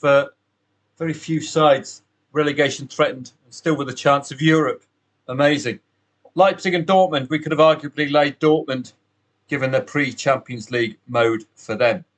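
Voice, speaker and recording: A man's voice: fairly high pitch, a bit bright. Chatty man reviewing bets. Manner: chatty, upbeat, rapid, with asides to the listener. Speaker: betting podcast host. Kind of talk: solo podcast review.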